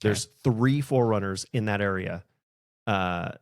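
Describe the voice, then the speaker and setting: Gravelly, laid-back podcast host man. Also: lowish voice, a little slow, no echo, studio quality. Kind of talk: casual podcast chat.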